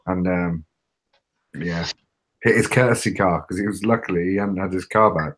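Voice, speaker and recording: A man's voice: deep voice, moderate pace, fairly bright tone. A British man co-hosting a casual podcast, dry and teasing. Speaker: podcast co-host. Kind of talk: casual chat.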